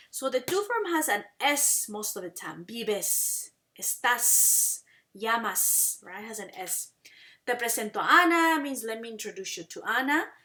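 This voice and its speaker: A woman teaching a Spanish lesson in English, explaining patiently and saying Spanish phrases slowly and clearly for learners to repeat. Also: fairly high pitch, fairly bright tone. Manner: explains patiently, asks "okay?" and "right?" to check understanding. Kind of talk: classroom language lesson.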